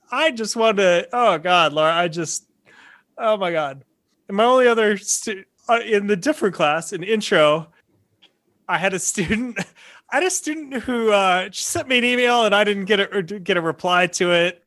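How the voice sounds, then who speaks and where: Bright-voiced animated man telling stories. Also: sits high, normal speed. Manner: animated storytelling, laughs often, restarts. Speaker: podcast co-host, college teacher. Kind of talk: casual chat.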